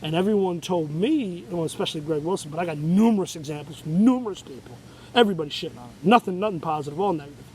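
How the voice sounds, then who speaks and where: A man's voice: fairly high pitch, expressive, fast talker, darkish tone, slight background noise, rough recording. A man, hosting his own show in a rambling, profane, agitated monologue rant. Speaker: show host. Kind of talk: ranting monologue.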